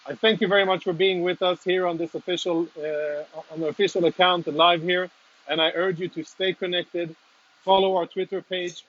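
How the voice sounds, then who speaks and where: A man's voice: high voice, fairly even intonation, normal speed, a bit bright, muffled recording. A man speaking as a military spokesman in a live on-location statement from inside a damaged apartment, earnest, insistent and slightly emotional.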